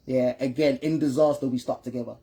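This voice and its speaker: Man, husky voice, casual chat, keeps asking "right?", stumbles over words. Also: medium pitch, fairly even intonation, fairly quick, warm tone. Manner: keeps checking in with "right?" and "you understand me?"; repeats and restarts words when stumbling. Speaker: father and channel host. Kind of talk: casual history chat with his son.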